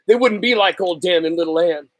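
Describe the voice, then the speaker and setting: A man voicing a grieving boy in a story reading, high and choked as he pleads. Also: a little fast, dry recording, lightly acted. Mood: bitter.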